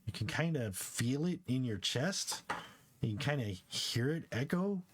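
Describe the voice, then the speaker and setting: A man's voice: medium pitch, lively intonation, a little slow, breathy edge. A man narrating a tabletop game as game master, loose and jokey, with lots of fillers.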